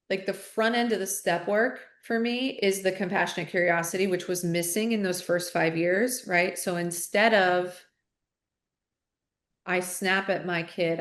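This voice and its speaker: Here a podcast guest who works as an author and coach talks in an interview, her mid-range voice fairly bright and the room audible around her. Candid and earnest, she thinks out loud, often restarting sentences and repeating words as she goes.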